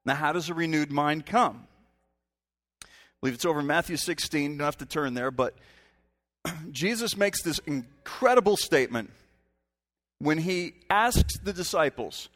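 A man's voice: fairly high pitch, expressive, normal speed, pauses often, fairly bright tone. A man preaching a sermon from a stage, talking conversationally and then breaking into sudden emphatic rises. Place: stage in a church hall. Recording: long hall reverb.

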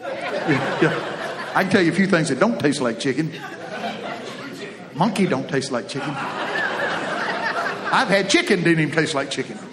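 A middle-aged Texan man preaches a folksy, joking sermon full of homespun stories and drawling Southern phrasing. His voice is on the high side and sing-song, a little slow with long pauses, amid crowd and background noise.

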